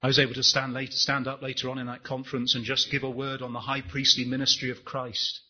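A man's voice: medium pitch, completely flat delivery, fast, husky, muffled recording. A man preaching a sermon, impassioned, rising and falling, asking the congregation rhetorical questions.

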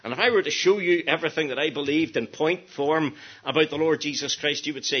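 A man preaching a gospel sermon, earnest, dropping to hushed tones and then rising to emphatic peaks. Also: medium pitch, brisk, slightly rough. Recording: dull lo-fi sermon recording.

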